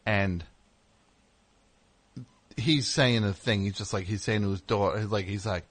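Sarcastic radio host, dry studio sound. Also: male voice, on the low side, measured pace, no echo. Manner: sarcastic, incredulous, deadpan bits. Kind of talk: comedic call-in radio banter. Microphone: studio mic.

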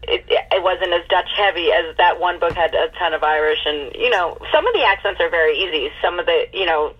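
A woman voice actress and audiobook narrator chatting in an interview, animated and quick to laugh. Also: lowish voice, slightly rough, muffled recording. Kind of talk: casual interview chat. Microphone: remote call.

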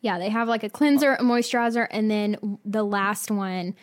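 A woman's voice: medium pitch, steady tone, normal speed. A woman co-hosting a podcast, chatting casually and reading ad lines loosely, congested from a sinus infection. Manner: chatty, reads ad copy loosely with jokes. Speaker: podcast co-host. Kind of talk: casual chat.

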